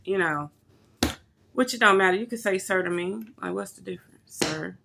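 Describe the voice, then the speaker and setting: A woman telling a story to her camera in a blunt, profane, animated rant. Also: medium pitch, moderate pace, gravelly, noisy background. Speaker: vlogger.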